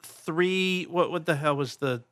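Slow-talking bright-voiced podcast host. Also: male voice, on the high side. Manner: rambling, chuckling, easygoing. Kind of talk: casual podcast chat.

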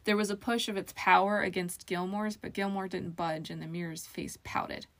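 A woman narrating a fantasy audiobook in an even storytelling manner. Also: on the low side, normal speed.

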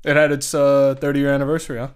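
A man's voice: medium pitch, completely flat delivery, fast, clean tone. A young man co-hosting a podcast in casual, laid-back chat, swearing freely and laughing often. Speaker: podcast co-host.

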